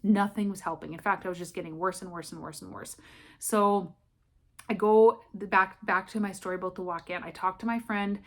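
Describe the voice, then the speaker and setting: A woman's voice: mid-range voice, fairly even intonation, fairly quick. A woman vlogging at home in her apartment, retelling a personal story in a candid, rambling way full of "I'm like" asides.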